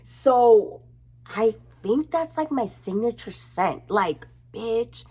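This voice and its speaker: A young woman chatting casually to her camera at home, expressive and chatty, swearing freely. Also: fairly high pitch, takes it slowly, breathy edge. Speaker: beauty vlogger.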